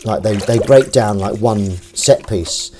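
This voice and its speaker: A man's voice: lowish voice, measured pace, mellow, a little hiss or hum. A man hosting a live stream, chatting casually and jokingly with viewers in a rambling, self-deprecating way. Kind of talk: casual chat reading viewer comments.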